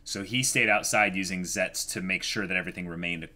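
A man's voice: sits low, steady tone, a little fast, sharp tone. A man hosting an anime reaction, talking in a casual way with short, reactive exclamations.

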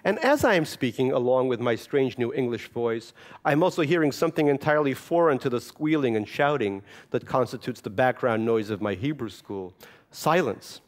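A man's voice: medium pitch, lively intonation, moderate pace. A Russian-born man with Russian as his first language, an author reading from his memoir and then chatting about it with dry, self-mocking humor.

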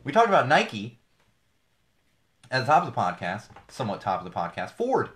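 A man's voice: medium pitch, wildly swooping pitch, normal speed, a bit bright. A man hosting a podcast, talking through the news in a casual, sarcastic way with many fillers and restarts. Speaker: podcast host. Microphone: podcast microphone.

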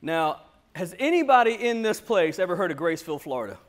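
This man preaches in a notably high voice and at a fast clip, telling a story with animated, conversational energy. He addresses the congregation like a pastor chatting among friends in a storytelling sermon.

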